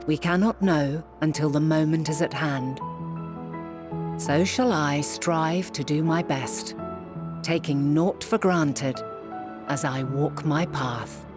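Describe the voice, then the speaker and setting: A low, unhurried voice of an ancient, wise and motherly figure in a game, each formal line weighed and calm. Clear game score music swells behind her. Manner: solemn, measured, formal speech. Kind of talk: game cutscene voice acting.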